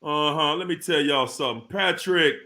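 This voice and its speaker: A man's voice: a little high, moderate pace, sharp tone. A man hosting a livestream who greets viewers by name, hyped and whooping now and then. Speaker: livestream host. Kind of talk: live chat shout-outs.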